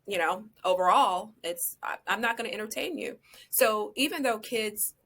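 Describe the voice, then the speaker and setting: A woman who is a podcast guest, giving earnest advice in a conversational way. Her voice is bright and a little sharp. Her pitch sits in the middle for a woman. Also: lively intonation, moderate pace, a little hiss or hum. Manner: earnest, advising.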